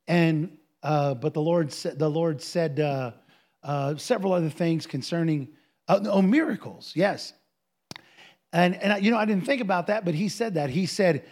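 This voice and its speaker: A high-voiced man preaching as a pastor, animated and lively. He answers questions from the congregation and acts out the people in his stories. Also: moderate pace. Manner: animated preaching, with quoted voices and bursts of singing.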